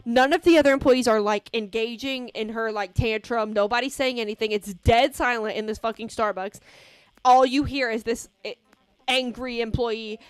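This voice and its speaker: A woman's voice: fairly high pitch, steady tone, normal speed, clean tone, dry recording. A young woman vlogger telling a story casually while gaming, rambling with lots of "like" and frequent swearing.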